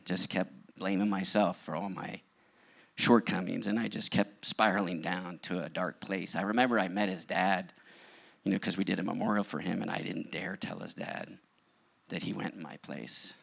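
Gravelly low-voiced male pastor. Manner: candid, conversational storytelling. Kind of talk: sermon with personal testimony.

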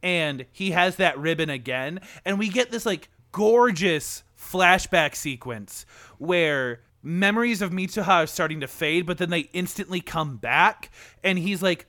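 Bright-voiced young man, dry close mic. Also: fairly high pitch, measured pace, dry recording. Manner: enthusiastic, emotional retelling with many "like" fillers. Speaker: podcast co-host. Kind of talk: casual movie discussion.

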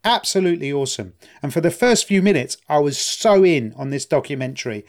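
Podcast co-host, man, higher-pitched, chatty storyteller. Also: expressive, brisk. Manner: chatty, storytelling, says "right?" often. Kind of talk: casual chat.

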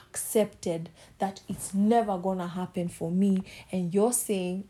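Mellow-voiced woman preaching with passion. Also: medium pitch, a little slow, hardly any pauses. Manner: passionate, acts out quoted voices. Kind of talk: sermon.

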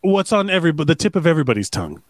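A man's voice: fairly high pitch, very animated, rapid-fire, no echo, studio quality. A man co-hosting a podcast in casual, rambling chat, swearing and joking as he reads comments. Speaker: podcast co-host.

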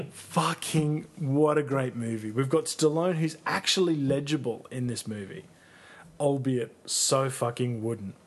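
A man's voice: medium pitch, unhurried, slightly rough. A man co-hosting a podcast, gushing about a film in enthusiastic, profane, playful casual chat. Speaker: podcast co-host.

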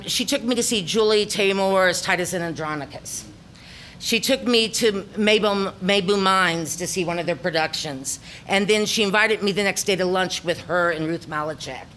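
Middle-aged woman, Ozark accent, lower voice, reflective storyteller with ums, faint room hum. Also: a bit bright. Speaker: theater director. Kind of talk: personal talk to an audience.

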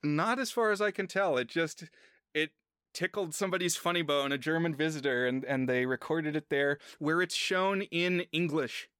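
A man's voice: on the high side, moderate pace, fairly bright tone, clear, resonant tone, dry recording, studio quality. A man co-hosting a podcast in casual chat, retelling scenes from a comedy sketch. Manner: retells sketch scenes, briefly mimicking lines. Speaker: podcast co-host.

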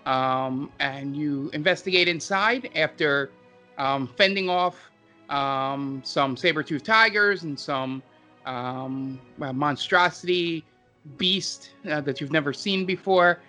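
Bright-voiced man narrating as game master. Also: on the high side, soft background music. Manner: halting, with many ums and uhs.

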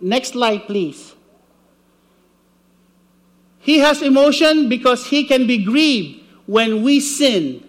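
A man preaching with an unusually high voice, lively and playful, who keeps tossing out "okay?" to the room. His delivery stops and restarts as he works through his points. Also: slow pace, pauses often. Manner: animated, jokey, checks in with "okay?" and "right?". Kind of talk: church teaching with slides.

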